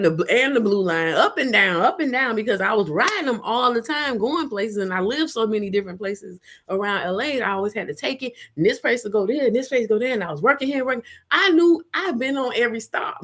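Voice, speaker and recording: A woman on a home live chat spins a wild story with loud, rowdy energy, swearing as she goes and slipping into quoted voices. Her voice sits a bit high and swings widely from low murmurs up to near shouts. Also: fairly quick. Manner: animated, rowdy, swears freely, acts out quotes. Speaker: vlogger, live chat host. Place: home in Chicago.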